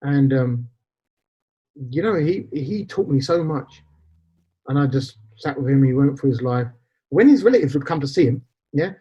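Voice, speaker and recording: A middle-aged man, a podcast guest, telling stories in an animated, chatty way. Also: mid-range voice, husky. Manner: storytelling, animated. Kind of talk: casual interview chat. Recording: dull lo-fi sound.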